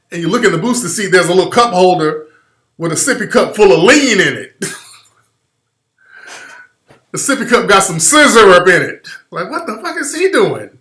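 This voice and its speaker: Animated, profane storytelling man. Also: sits high, moderate pace, pauses often. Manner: loud, profane, animated riffing. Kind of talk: comedic storytelling on a podcast. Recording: roomy studio echo.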